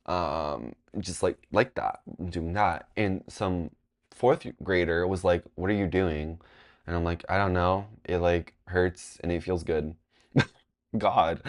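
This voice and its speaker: A young man telling a casual storytime, rambling with lots of fillers and jumping into high, loud voices when he quotes people. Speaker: vlogger.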